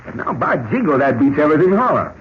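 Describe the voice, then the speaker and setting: An actor playing a folksy old cowboy prospector who talks in a stubborn Western drawl full of rustic slang, in 1940s radio acting style. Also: male voice, a little high, big pitch swings, fast. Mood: wary. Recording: dull lo-fi old radio recording with hiss.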